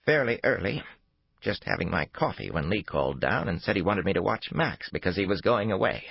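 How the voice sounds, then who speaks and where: A man's voice: low voice, big pitch swings, a little fast, gravelly, slightly rough, no room sound, muffled recording, exaggerated voice. A male narrator voicing an elderly, wary landlady who talks emphatically. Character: elderly wary woman landlady, fussy and fierce.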